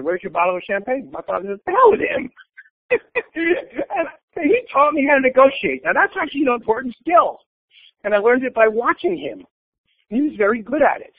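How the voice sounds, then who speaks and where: A blunt, opinionated older man tells stories as an interview guest in a conversational back-and-forth. His voice is high-pitched, and the dry recording comes over a tinny phone line.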